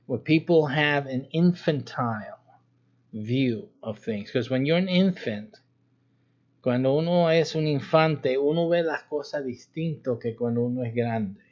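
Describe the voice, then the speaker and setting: A man pastor giving an informal sermon teaching, with a demonstrative manner, acting out stern warnings and chuckling. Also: mid-range voice. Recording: dull lo-fi livestream audio.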